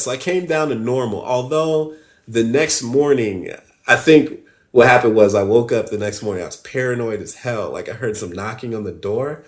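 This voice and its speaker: A man telling a story on a podcast, animated and laughing often, swearing casually. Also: mid-range voice, normal speed. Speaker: podcast guest.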